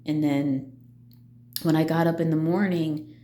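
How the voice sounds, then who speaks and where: A middle-aged woman talking casually in a personal vlog, halting, with many fillers and restarts. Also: low-pitched, steady tone, mellow, echoey room. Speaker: vlogger.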